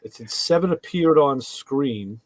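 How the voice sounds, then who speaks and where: A man hosting a casual talk show, telling animated stories and acting out conversations. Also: medium pitch, measured pace, dry recording. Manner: animated storyteller, acts out quoted exchanges. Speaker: host. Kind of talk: casual chat about cars.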